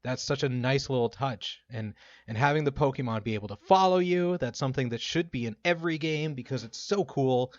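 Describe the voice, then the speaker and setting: A man co-hosting a podcast in casual chat, animated and laughing often. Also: mid-range voice, a little fast, no echo. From Minnesota. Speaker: podcast co-host. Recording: dull lo-fi mic.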